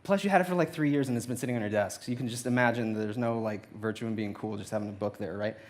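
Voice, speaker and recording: A man's voice: on the low side, fast, slight background noise. A young adult man giving a playful, anecdotal testimony to a church audience. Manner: playful, anecdotal, acts out quotes. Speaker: church speaker. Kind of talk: humorous personal testimony on stage. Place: church auditorium.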